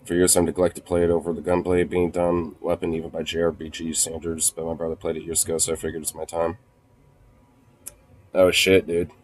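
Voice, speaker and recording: Low-voiced man, casual and sweary. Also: completely flat delivery, brisk. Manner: swears freely and laughs often; coos softly in baby talk to his dog. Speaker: streamer. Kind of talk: casual gaming stream chat.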